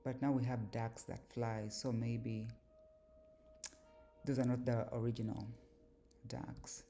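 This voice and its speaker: A woman giving a slow, deliberate explanatory lecture on word meanings, pausing often with fillers. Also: a bass voice, level tone, mellow, soft background music. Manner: measured, deliberate, with pauses and fillers. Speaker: language teacher.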